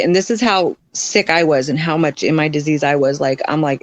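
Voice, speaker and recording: A woman's voice: low voice, dry recording. Blunt, frank woman telling her story. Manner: frank and blunt, many "like" and "um" fillers; acts out others' lines in quick voice shifts. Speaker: podcast guest. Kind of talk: candid personal storytelling.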